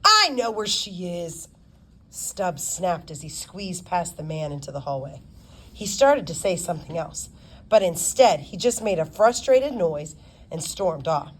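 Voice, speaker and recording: A woman narrating a novel as an audiobook, with expressive storytelling. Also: fairly low pitch, a little slow. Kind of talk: scripted narration.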